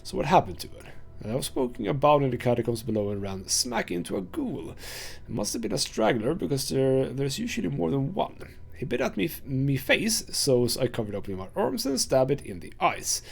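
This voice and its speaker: A man voicing a scruffy male scavenger from the catacombs in a video game, reading his lines in a raised, rough voice. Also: medium pitch, sing-song, moderate pace, heavily acted. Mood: grumbling.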